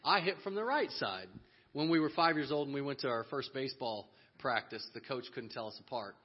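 A man telling a lively personal story to an audience, animated and laughing often as he acts out the people in it. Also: mid-range voice, a little fast, husky. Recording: dull lo-fi audio.

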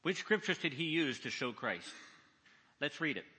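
Lively, bright-voiced man preaching in a hall. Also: on the high side, slightly rough. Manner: reads slowly, deliberately, with emphasis; asks the audience questions. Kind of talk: conference sermon with scripture reading. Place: large conference hall. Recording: echoey hall reverb.

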